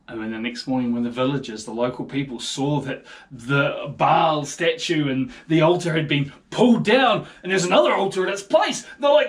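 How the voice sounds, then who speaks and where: A man with a New Zealand accent telling a Bible story to children in a casual, playful, animated way. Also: fairly high pitch, normal speed.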